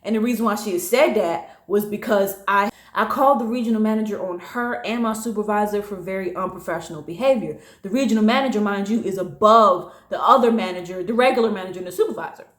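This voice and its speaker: Animated woman in her late twenties telling a story. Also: fast talker, few pauses. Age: late 20s. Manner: animated, acting out quotes with big pitch jumps. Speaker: storytime vlogger. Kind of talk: casual storytelling. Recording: echoey room.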